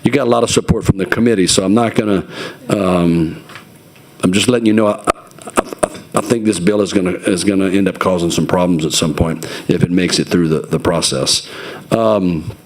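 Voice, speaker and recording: A man runs a legislative committee hearing in a very deep voice. He speaks haltingly, with frequent fillers as he reads out names. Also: a little hiss or hum. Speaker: committee chairman.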